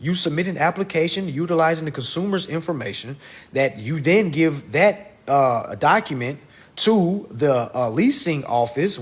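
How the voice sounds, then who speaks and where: Blunt, fast-talking man teaching viewers. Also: a little high, husky. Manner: blunt and profane, talks fast, addresses viewers as y'all. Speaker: online instructor. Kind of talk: casual livestream lesson.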